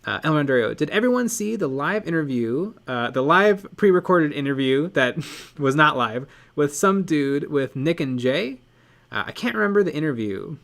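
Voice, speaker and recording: Lively, animated male streamer. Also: on the high side, normal speed, creaky. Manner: chatty and playful, with frequent fillers. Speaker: livestream co-host. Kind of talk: casual chat reading viewer comments.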